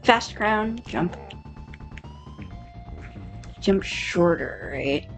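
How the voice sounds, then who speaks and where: A woman's voice: on the low side, animated, very slow, faint music behind. A woman streaming a game live, talking herself through it and swearing freely. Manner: swears freely, talks to herself while playing. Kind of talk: live gameplay chat.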